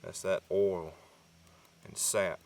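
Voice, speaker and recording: A man with a Southern US accent giving a casual, chatty outdoor gear demo in the woods, folksy and quick to laugh at himself. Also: sits low, steady tone, creaky, darkish tone, a little hiss or hum. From North Carolina, US South. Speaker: gear reviewer.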